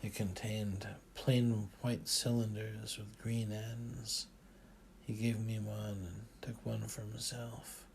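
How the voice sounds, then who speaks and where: Man narrating an audiobook in first person; lowish voice, slow and measured. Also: level tone, creaky, a little mellow, slight background noise.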